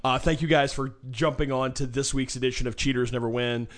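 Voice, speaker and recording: A man's voice: medium pitch, steady tone, a little fast. A man co-hosting a casual sports podcast, talking in a loose, joking, rambling way with lots of fillers. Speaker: podcast co-host.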